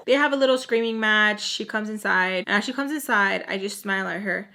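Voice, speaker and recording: A woman's voice: medium pitch, fairly quick, hardly any pauses, sharp tone. A young woman telling a personal story in a casual, sassy way, talking straight to her viewers.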